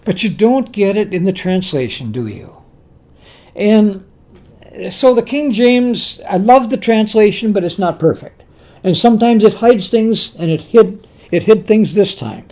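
A preacher delivering a sermon, emphatic and animated, repeating key words and restarting phrases as the story builds. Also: mid-range voice, measured pace.

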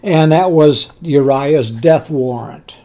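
A man's voice: fairly high pitch, mellow. Earnest preacher man retelling scripture. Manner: earnest storytelling, slow and emphatic, with repeated words. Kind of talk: sermon.

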